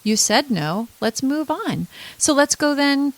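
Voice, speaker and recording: A woman's voice: high voice, big pitch swings, slow, no room sound, rough recording. A woman coaching her listeners in a casual teaching monologue, earnest and a bit repetitive, often acting out example phrases. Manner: earnest, repeats herself, models example phrases.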